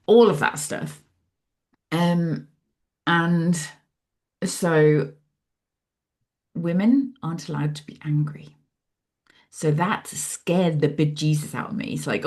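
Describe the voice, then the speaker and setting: Brief: woman, 40s, interview guest, animated storyteller, lowish voice. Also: moderate pace. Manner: animated, acts out her own past thoughts in lively asides. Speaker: guest, psychologist and author.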